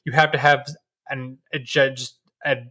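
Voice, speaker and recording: A man's voice: medium pitch, level tone, moderate pace, bright, forceful tone. A man in his thirties co-hosting a casual podcast chat, rambling with restarts and easy laughter. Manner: rambling, lots of restarts and fillers, laughs easily. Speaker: podcast co-host.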